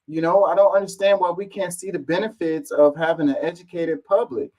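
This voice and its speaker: A man's voice: high-pitched, a little fast, lo-fi sound. A man reading online comments aloud and answering them in an exasperated, casual rant, swearing and firing off rhetorical questions.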